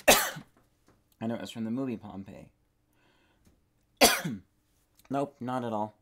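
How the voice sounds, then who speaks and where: A young man thinks out loud as he plays, wandering from one idea to the next. His voice is soft and easygoing, sits mid-range for a man, and keeps trailing off. Some clicking is heard in the background. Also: medium pitch, takes it slowly, noisy background. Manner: rambling, musing aloud while playing. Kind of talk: casual gaming commentary.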